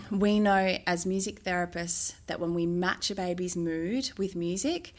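Aussie woman music therapist talking gently, slips into sing-song baby talk sometimes. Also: fairly low pitch, measured pace. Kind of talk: interview answers.

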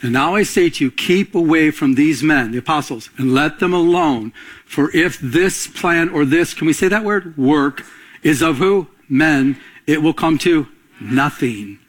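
A middle-aged man preaching a sermon, asking the congregation questions and climbing higher as he presses his points. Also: a little slow. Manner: call-and-response preaching, rises in pitch when emphatic. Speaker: pastor.

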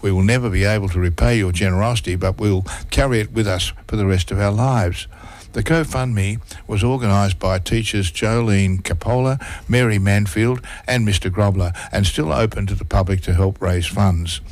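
A man's voice: fairly low pitch, normal speed, darkish tone. A man reading local newspaper articles aloud on radio, stumbling and restarting words now and then.

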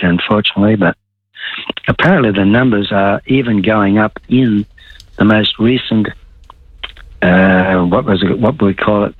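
A man's voice: fairly low pitch, dry recording. An older Australian man calling a talk radio show, rambling and searching for words as he gives blunt opinions. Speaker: caller. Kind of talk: casual talk radio call. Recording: tinny phone line.

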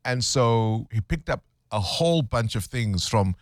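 A man's voice: mid-range voice, lively intonation, unhurried, no echo, studio quality. A man hosting a casual radio chat, laughing often as he talks. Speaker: radio host.

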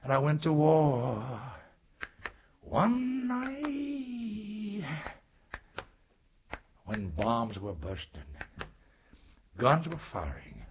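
A man telling a poetic spoken-word story in a sing-song way, swinging from soaring highs to hushed lows, heard on a dull lo-fi recording. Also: expressive, slow pace, creaky, a little hiss or hum.

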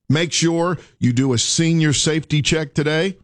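A man's voice: fairly high pitch, no room sound, clean studio sound. A man hosting a radio show, urging listeners with preacher-like repetition. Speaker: radio host. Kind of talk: morning radio talk.

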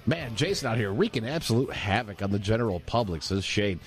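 A man's voice: on the low side, expressive, a little fast. A man hosting a radio morning show, wisecracking playfully while running through the day's items. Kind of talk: casual chat and news rundown. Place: radio studio.

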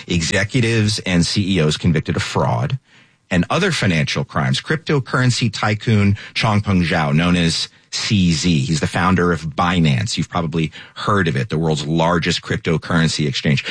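A man's voice: low voice, a bit bright, slightly rough, no room sound. A man anchoring a news panel, setting up stories and leading questions to his guests.

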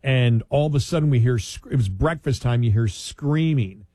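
A man's voice: medium pitch, animated, moderate pace, dark tone, no room sound. A man hosting a casual chat, telling long, rambling stories and laughing often.

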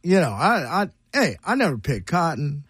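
A man's voice: a little high, big pitch swings, normal speed, a bit bright, husky, dry recording. An older man from Ohio, a guest musician chatting in a radio studio, rambling and telling stories with lots of fillers. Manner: rambling storyteller, many fillers, acts out voices. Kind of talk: casual radio interview chat.

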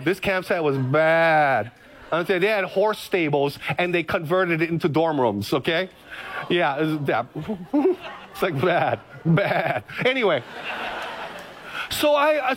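A man's voice: sits high, fairly bright tone. A middle-aged man from Hawaii, a pastor preaching a sermon, telling stories from his own life and acting out his past prayers.

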